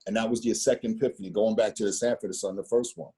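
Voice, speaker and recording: A man's voice: fairly low pitch, fairly even intonation, racing, warm tone, husky. A man in his fifties telling a long personal story in casual conversation, rambling and repeating himself, with street slang. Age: 50s.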